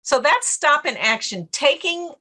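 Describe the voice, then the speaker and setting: A middle-aged woman speaking as a podcast guest on stress management, telling stories in an animated way and acting out her own inner voice. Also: high voice, measured pace. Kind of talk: casual interview talk.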